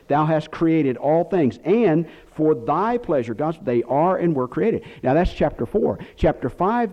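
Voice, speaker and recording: A man teaching a Bible lesson in sermon style, emphatic and full of rhetorical questions. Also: mid-range voice. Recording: dull lo-fi recording.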